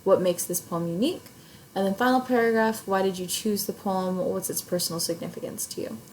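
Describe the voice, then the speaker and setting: Here a young woman English teacher talks briskly at a medium pitch while recording a video lesson on camera, at home or in class. Her walkthrough of an assignment is casual, step by step and packed with fillers. The recording is rough, carrying a little hiss or hum.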